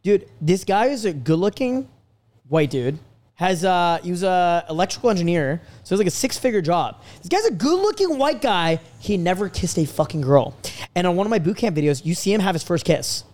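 A man hosting a podcast, telling stories in a brash, profane, animated way. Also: sits high, brisk. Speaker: podcast host and dating coach. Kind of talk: casual podcast chat.

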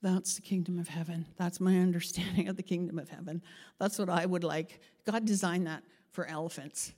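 Animated woman pastor in a reverberant hall. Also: fairly low pitch, brisk. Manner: animated, acts out voices in her story, laughs often. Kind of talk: sermon with storytelling.

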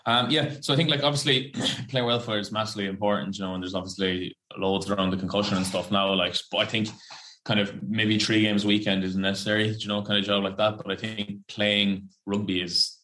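This young Irish pro rugby player rambles through a casual podcast interview, chatty and loose, packing in fillers and slang and swearing freely with the odd swear word. His lowish voice is sharp in tone, a little fast and fairly flat in pitch. A little hiss or hum sits in the recording.

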